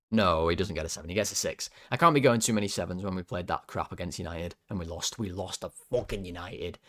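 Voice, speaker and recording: A young man hosting a football fan channel, ranting through player ratings, swearing, his voice jumping high when worked up. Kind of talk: player ratings rant to camera.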